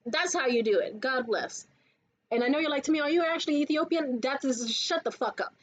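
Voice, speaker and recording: A woman talking in a casual life-update vlog, telling stories in a lively, profane way from a room indoors. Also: high-pitched, a little fast, a little hiss or hum, rough recording. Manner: profane, animated storytelling. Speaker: vlogger.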